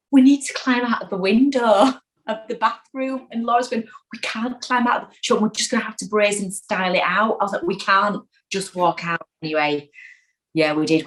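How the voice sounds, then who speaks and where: A woman with a fairly low voice appears as an interview guest, chatting casually and telling an anecdote as an animated storyteller who acts out quotes. The recording is low quality.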